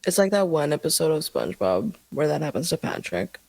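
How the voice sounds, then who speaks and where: Blunt low-voiced woman on a noisy podcast. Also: big pitch swings, brisk, creaky. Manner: blunt, reactive, swears freely. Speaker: podcast co-host. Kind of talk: casual chat.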